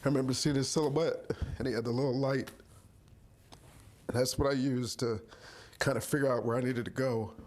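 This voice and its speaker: A man recounting his survival in a documentary interview, speaking quietly and earnestly. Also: mid-range voice, steady tone, a little fast, long pauses, slight background noise.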